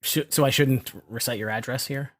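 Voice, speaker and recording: A man co-hosting a music podcast, talking through songs in a loose, casual way. His voice sits at an ordinary male pitch, and he apologizes and laughs easily at his own slip-ups. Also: steady tone, brisk. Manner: chatty, apologetic, laughs often. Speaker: podcast co-host. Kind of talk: casual music review chat.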